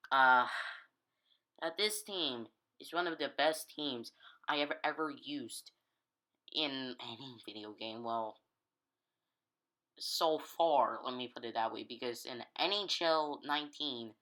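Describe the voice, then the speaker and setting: A man's voice: medium pitch, sharp tone, rough recording. A gaming YouTuber talking casually over his basketball video game, rambling and correcting himself as he goes, a little tired. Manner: rambling, halting, self-correcting. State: tired, yawning.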